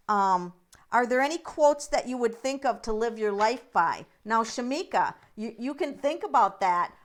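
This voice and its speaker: A middle-aged woman runs a casual live tarot reading, her voice sitting a little high. She talks in a chatty, encouraging way and speaks to her viewers by name. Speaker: tarot reader and livestream host.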